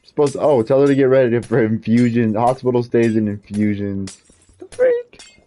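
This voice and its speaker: A man's voice: mid-range voice, steady tone, brisk, dark tone. A man streaming a game while venting in a frustrated, repetitive rant. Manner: frustrated ranting, repetitive, swears mildly. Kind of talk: casual gaming stream rant.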